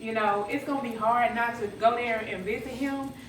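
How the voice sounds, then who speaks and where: A woman telling fond, gently humorous stories at her grandfather's funeral. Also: a little high, steady tone, moderate pace, noisy background. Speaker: granddaughter giving a eulogy. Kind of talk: emotional memorial speech. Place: church funeral service. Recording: echoey hall, distant mic, crowd.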